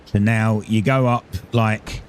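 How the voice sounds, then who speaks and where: A man's voice: fairly low pitch, steady tone, slow, a little hiss or hum. A man giving casual, rambling commentary while playing a building game, talking through each step and correcting himself often. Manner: rambling, self-correcting, explains building steps. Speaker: gaming streamer.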